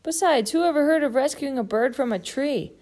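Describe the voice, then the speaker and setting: A woman's voice: high-pitched, expressive, fairly quick, a little mellow, pitched above the performer's own voice. A woman voicing a cheerful, childlike giant bird in a storybook read-aloud, eager and wondering. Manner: eager, wondering, sometimes plaintive.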